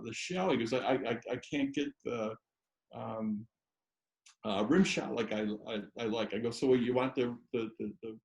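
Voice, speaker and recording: Guest, male, gravelly voice, rambling anecdotes full of restarts, echoey room. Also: fairly high pitch, a little mellow. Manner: rambling, many restarts and fillers. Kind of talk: casual storytelling chat.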